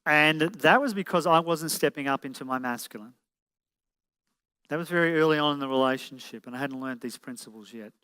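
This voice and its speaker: A man's voice: a little high, brisk, sharp tone, clean tone. A man presenting a relationship seminar to a live audience, putting direct questions to the room and calling for shows of hands. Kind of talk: motivational seminar talk. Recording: echoey hall.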